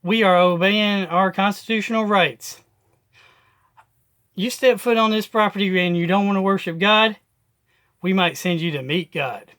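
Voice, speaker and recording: A man voicing an overly polite churchgoer who addresses police with mock courtesy and quiet menace. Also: high voice, normal speed, pauses often, pitched below the performer's own voice.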